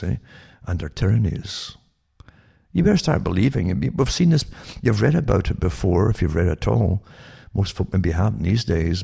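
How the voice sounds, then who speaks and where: Deep gravelly man in rambling monologue. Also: warm tone. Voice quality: gravelly, husky. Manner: rambling, with frequent restarts and asides like "eh?". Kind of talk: monologue commentary.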